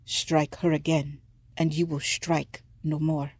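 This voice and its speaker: A woman voicing a respected older male healer who speaks slowly with quiet authority. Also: sits low, flat delivery, breathy edge, no echo, full character voice. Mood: stern. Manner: slow, grave, commanding.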